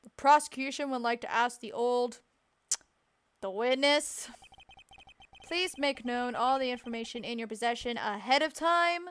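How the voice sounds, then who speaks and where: A woman's voice: on the high side, unhurried, fairly bright tone, a little hiss or hum. A woman voicing a formal male prosecutor in a courtroom game.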